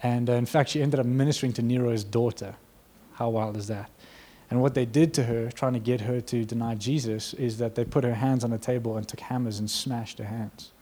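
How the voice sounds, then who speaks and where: A man preaching a sermon in a mid-pitched voice. He tells the story with animated energy and acts out the quotes. He laughs now and then. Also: brisk, few pauses.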